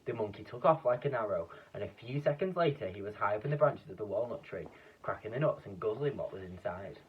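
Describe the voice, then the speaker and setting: A man reading a children's book aloud in a lively, expressive way, with a few slips and restarts. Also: lowish voice, fast talker, slightly rough. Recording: dull, distant lo-fi recording.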